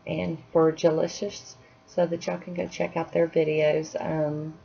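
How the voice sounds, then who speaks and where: Chatty home nail vlogger: a woman with a low voice, unhurried and self-deprecating, on a dull lo-fi track. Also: level tone, gravelly, warm tone. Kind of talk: casual tutorial chat. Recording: dull lo-fi sound, faint hiss.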